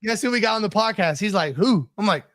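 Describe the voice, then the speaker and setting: A man co-hosting a podcast, an excitable storyteller who laughs often. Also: sits high, quick pace, no room sound. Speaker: podcast co-host. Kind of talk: casual podcast chat.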